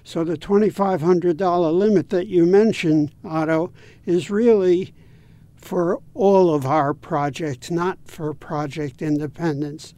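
A man speaking as a guest on an interview, explaining things in a measured, patient way. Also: a little high, steady tone, mellow, no room sound. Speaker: guest from a home repair volunteer group. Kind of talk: interview answers.

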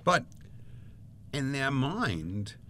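A man's voice: mid-range voice, sing-song, drawn-out words, a bit bright, a little hiss or hum. A man co-hosting a casual talk show, telling chatty anecdotes with many fillers. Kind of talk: casual chat.

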